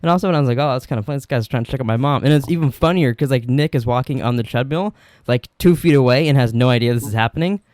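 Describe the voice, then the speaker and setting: A man's voice: medium pitch, racing, a little mellow, dry recording, clean studio sound. A young man co-hosting a podcast, telling rambling stories with restarts and casual swearing. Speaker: podcast co-host.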